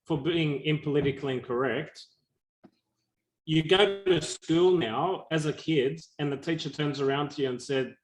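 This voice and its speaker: A man's voice: fairly high pitch, moderate pace. A man co-hosting a podcast, chatting crudely and swearing a lot. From Australia. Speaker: podcast co-host. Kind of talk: casual chat. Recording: echoey room.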